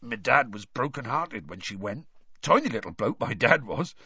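A man voicing a huge, gentle half-giant groundskeeper who speaks in a husky, rough-edged way and talks in a folksy, heartfelt manner. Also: medium pitch, sing-song, normal speed, no echo, exaggerated voice. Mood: wistful. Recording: dull lo-fi, dry.

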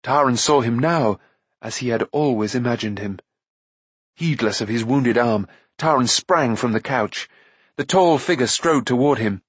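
A man narrating a fantasy novel aloud with an even storytelling delivery. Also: mid-range voice, a little slow, breathy edge, dry recording. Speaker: audiobook narrator. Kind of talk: scripted narration.

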